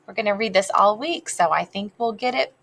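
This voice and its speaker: A woman teacher reading a picture book aloud to her class, expressive, pausing to ask the children questions. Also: medium pitch, vocal fry, poor audio.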